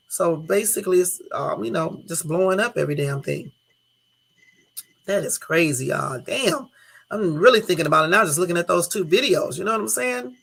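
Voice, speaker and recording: A woman vlogger talking casually to her viewers, rambling with frequent exclamations and asides, sometimes slowly reading news text aloud. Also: lowish voice, gravelly, husky.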